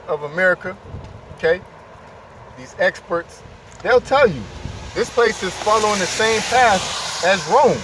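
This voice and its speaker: Man, high voice, emphatic street preaching, distant mic, loud traffic behind. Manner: emphatic, repetitive, sprinkled with "man" and "okay".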